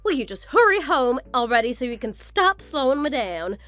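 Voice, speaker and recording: A woman's voice: high-pitched, very animated, moderate pace, fairly bright tone. A woman playing a haughty, scornful mother-in-law. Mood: scolding. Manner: haughty, belittling, self-admiring.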